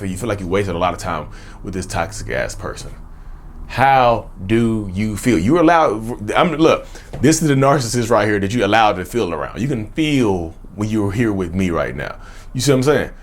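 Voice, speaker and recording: A man hosting a mental health channel, talking straight to his viewers. He keeps asking how they feel and often says "y'all.". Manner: lively pitch swings, slows right down on questions. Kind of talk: direct-to-camera talk.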